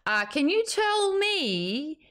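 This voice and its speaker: A woman's voice: high-pitched, sing-song, takes it slowly, a bit bright. A woman hosting a live book club stream, chatting casually, teasing and laughing often. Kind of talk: casual chat.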